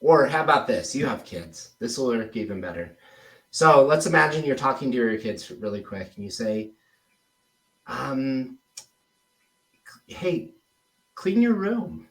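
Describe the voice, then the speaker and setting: A man talking through sales scripts with a trainee in a relaxed, conversational way. He speaks at an ordinary middle pitch. The recording sounds roomy, with a noticeable echo. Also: normal speed, far from the mic. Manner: relaxed, demonstrates tone with example phrases. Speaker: sales coach. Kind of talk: casual one-on-one coaching.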